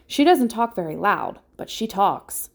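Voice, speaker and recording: A woman reading aloud and voicing an imaginative young farm girl who talks in an excited, insistent way. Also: mid-range voice, unhurried, vocal fry, full character voice.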